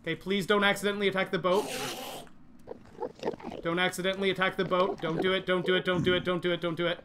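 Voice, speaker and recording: Man, high voice, jumpy livestream game commentary, nervous and excitable, noisy recording. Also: quick pace, long pauses. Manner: excitable, nervous, talks to chat. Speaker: gaming livestreamer. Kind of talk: live gameplay commentary.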